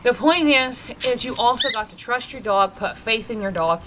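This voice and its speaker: A woman's voice: lively intonation, moderate pace, very noisy. Chatty woman training her dogs. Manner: chatty, switches to high sing-song praise for dogs. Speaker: dog trainer and vlogger. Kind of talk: casual dog training demonstration.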